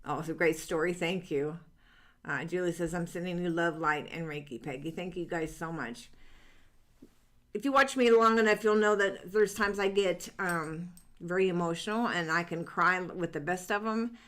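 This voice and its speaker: A middle-aged woman hosts a live reading stream in a casual, rambling way. She restarts sentences and leans on fillers, but stays earnest and upbeat. Her voice sits on the low side. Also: moderate pace, a bit bright. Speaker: psychic reader hosting a live stream.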